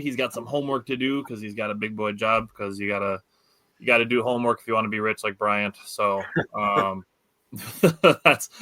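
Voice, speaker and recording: Bright-voiced Wisconsin sports podcast host. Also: male voice, medium pitch, dry recording. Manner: loose, filler-heavy, enthusiastic. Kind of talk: casual sports podcast chat.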